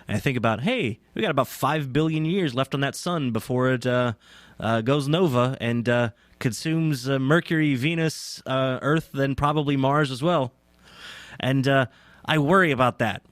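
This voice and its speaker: A man's voice: mid-range voice, no room sound. A young man hosting his own show, rambling casually and self-deprecatingly, with many fillers and restarts. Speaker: podcast host. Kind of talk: casual solo talk. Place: indoors, on a couch.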